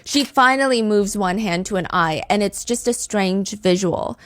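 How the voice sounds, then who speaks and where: A woman hosting a true crime podcast, telling the story in an animated, conversational way with lots of "like.". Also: medium pitch, moderate pace, no echo. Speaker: podcast host.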